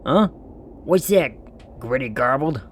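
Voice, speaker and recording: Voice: medium pitch, lively intonation, slow pace, a little hiss or hum. A streamer casually playing a video game on a live stream, playful and reading the game's text aloud.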